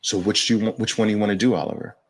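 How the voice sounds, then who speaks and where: A man's voice: on the low side, rapid-fire, gravelly. A middle-aged man with a New York accent hosting a casual livestream, emphatic and motivational, repeating his key phrases. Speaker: livestream host.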